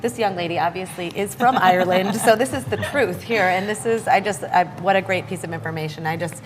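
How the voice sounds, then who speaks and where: A woman's voice: lowish voice, fairly quick, noisy background. A woman hosting a talk show, enthusiastic and gushing as she leads the interview. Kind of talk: casual radio interview.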